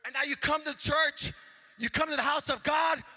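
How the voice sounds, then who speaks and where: A male pastor preaching an impassioned sermon, shouting and chanting in a sing-song cadence with repeated phrases. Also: extremely high pitch, steady tone, normal speed.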